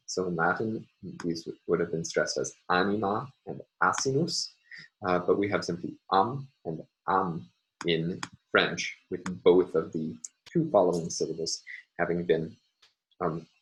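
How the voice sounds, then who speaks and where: Deep-voiced guy lecturing slow and careful, lots of uhs and ums. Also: slight background noise, rough recording. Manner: measured, halting, many fillers. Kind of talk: university phonology lecture.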